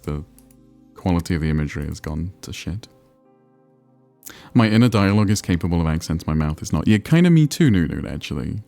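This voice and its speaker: Deep creaky guy rambling to his stream chat, kinda self-deprecating, faint music behind. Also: darkish tone. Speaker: livestreamer. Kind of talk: casual livestream chat while playing a geography game.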